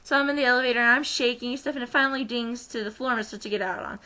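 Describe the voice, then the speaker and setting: A young American woman tells a story straight to her webcam, jumping into lively put-on voices whenever she quotes someone. Her voice sits a little high and sounds bright and crisp. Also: racing. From United States. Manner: animated, acts out quoted voices. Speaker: vlogger. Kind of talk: casual storytelling.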